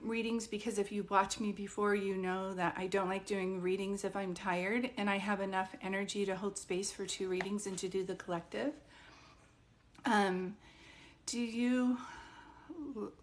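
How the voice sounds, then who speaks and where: A woman's voice: medium pitch, steady tone, a little slow. Chatty woman psychic medium on a live stream. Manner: chatty and rambling, talking straight to viewers. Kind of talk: casual live-stream chat with viewers.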